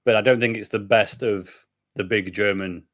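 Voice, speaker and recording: A man's voice: fairly low pitch, steady tone, moderate pace. Rambling British man, casual beer chat. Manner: rambling and self-deprecating, trails off quietly. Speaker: co-host of a beer live stream.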